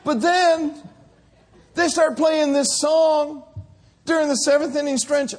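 A man preaching a sermon, telling stories and then building to shouted calls to the congregation. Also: very high-pitched, unhurried. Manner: storytelling, rising to shouted exhortation.

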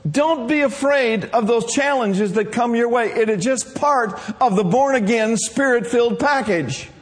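A man's voice: very high-pitched, a little slow. A man preaching a sermon, leading the congregation in call-and-response and repeating his key phrases.

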